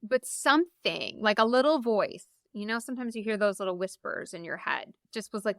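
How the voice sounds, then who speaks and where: Woman guest, 30s, lively storyteller doing little voices, crisp bright tone. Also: mid-range voice, moderate pace, few pauses, no echo, clean studio sound. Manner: animated, acts out quoted voices. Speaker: podcast guest, memoir author. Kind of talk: casual storytelling.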